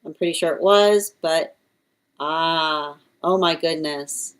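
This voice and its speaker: A woman's voice: low-pitched, slow. Chatty woman tarot reader on a live stream. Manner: chatty, laughs often, coos at her cat.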